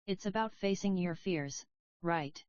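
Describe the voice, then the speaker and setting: A woman's voice: fairly low pitch, a little slow, a little mellow, no echo, muffled recording, lightly acted. Woman reading as an earnest cubehead heroine. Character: soft-spoken blue cubehead heroine, young woman, earnest.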